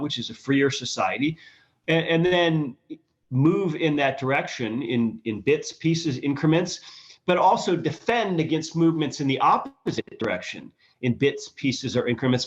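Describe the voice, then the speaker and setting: A man's voice: medium pitch, dull audio. A man from the US South, a guest in an interview, explaining earnestly and restarting as he thinks. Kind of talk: conversational interview.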